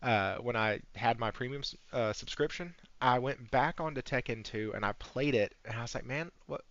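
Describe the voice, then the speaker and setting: A man hosting a casual gaming podcast, relaxed and agreeable, with a teasing edge. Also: mid-range voice, normal speed. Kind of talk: casual chat. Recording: slightly dull, lo-fi stream audio.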